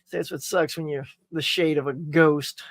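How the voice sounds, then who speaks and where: A man's voice: a little high, fairly even intonation, normal speed, no room sound, clean studio sound. A man hosting a live morning pop-culture stream, rambling casually, joking and reading viewer comments aloud.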